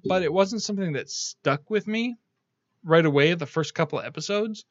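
Man, podcast host, rambling, swears a lot, slightly high voice, dull lo-fi. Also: animated, fast talker, a bit bright, no echo. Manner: rambling, profane, lots of fillers. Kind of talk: casual podcast chat.

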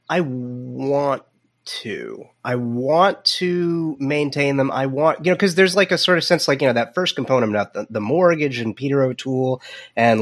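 A man's voice: mid-range voice, a bit bright. A man co-hosting a podcast, joking about a movie, laughing often and stammering through restarts. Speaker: podcast co-host. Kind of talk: casual chat about a movie.

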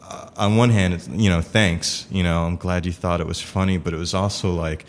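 A man in casual conversation about improv performance, talking in a halting way with many fillers and restarts. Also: sits low, steady tone, slight background noise.

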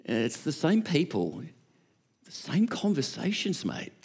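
A man voicing a blunt, bored male friend in a flat, matter-of-fact way. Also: on the high side, takes it slowly, husky, exaggerated voice.

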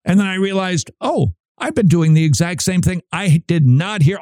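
A man's voice: high-pitched, animated, moderate pace, few pauses, a little mellow, no echo. A man from Minnesota hosting a show, giving a casual Bible talk and asking and answering his own questions. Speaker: podcast host.

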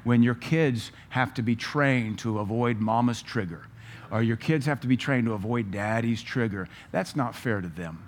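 A man preaching a sermon, firing off rhetorical questions and telling stories with lively energy. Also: mid-range voice, normal speed, a little hiss or hum. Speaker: pastor.

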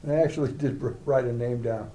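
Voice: medium pitch, steady tone, fast, dark tone, poor audio. A workshop participant sharing in a group, speaking hesitantly with many restarts.

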